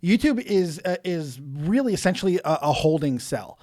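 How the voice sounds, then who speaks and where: A man with a high, light voice co-hosts a live call-in stream, teasing guests and laughing easily. His sound is close and dry, with no room around it. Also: lively intonation, moderate pace, a little mellow, no echo. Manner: joking, teasing, laughs often. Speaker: live stream co-host taking callers. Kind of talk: casual live-stream chat.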